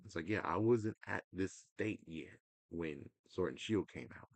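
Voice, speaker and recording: In a dry recording, a man with a low, slightly slow, creaky voice rants casually to camera about video games as a gaming commentator. Exasperated and swearing, he occasionally mocks others in a put-on voice, shifting between loud outbursts and muttering.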